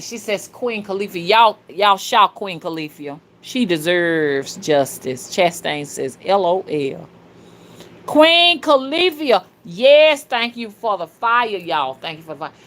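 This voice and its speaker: A woman hosting a spiritual livestream, talking fervently and casually to her viewers, with sudden loud shouts. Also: mid-range voice. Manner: casual and slangy, calls listeners "y'all" and "honey". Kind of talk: livestream talk reading viewer comments.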